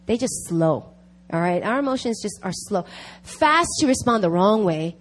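A woman's voice: mid-range voice, animated, unhurried. A woman giving an emphatic sermon at a prayer meeting, repeating key phrases to drive them home. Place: church meeting.

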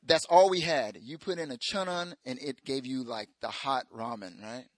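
A young man preaching a casual, joking sermon, acting out stories with high-pitched quoted voices. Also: moderate pace, dry recording. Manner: animated, jokey, acts out quotes in high voices. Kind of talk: sermon storytelling.

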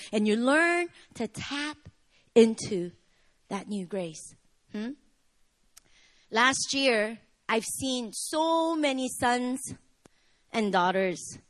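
A woman in her thirties delivers a sermon with a high voice. Her pitch moves widely from phrase to phrase. She swings between emphatic, near-shouted lines and quiet, low asides. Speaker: pastor.

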